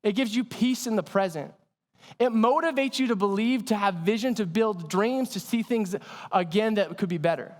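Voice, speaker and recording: A man preaching a sermon as pastor, telling lively stories and asking the audience questions. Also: high voice, normal speed. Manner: energetic storytelling with audience questions. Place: church hall. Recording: long hall reverb.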